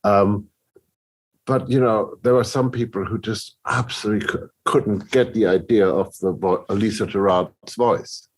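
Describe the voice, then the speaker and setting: This podcast guest, a middle-aged film composer, has a fairly low voice and speaks a bit slowly. Telling his stories with animation, he restarts sentences often and acts out the reactions of others.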